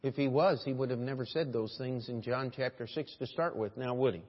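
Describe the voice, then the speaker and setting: A man's voice: medium pitch, brisk, hardly any pauses, breathy edge. Preaching man in a reverberant church. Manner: preaching with rhetorical questions and voiced scripture quotes. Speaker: pastor. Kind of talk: sermon. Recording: dull lo-fi church audio with long hall reverb.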